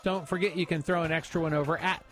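A man's voice: fairly high pitch, steady tone, quick pace, fairly bright tone, faint music behind. A man hosting a morning radio show, bantering playfully with callers and his co-host and laughing easily. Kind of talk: casual on-air banter.

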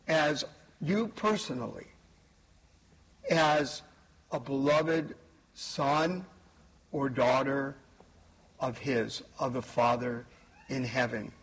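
Slow, husky priest giving a homily. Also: male voice, medium pitch, a bit bright, rough recording. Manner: slow, measured, emphatic preaching with pauses. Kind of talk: homily at Mass. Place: church.

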